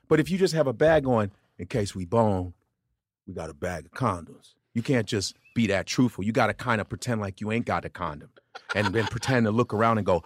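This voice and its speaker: Man, comedian guest, casual storytelling, profane and animated, dry close studio mic. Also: on the low side, fairly quick, no echo.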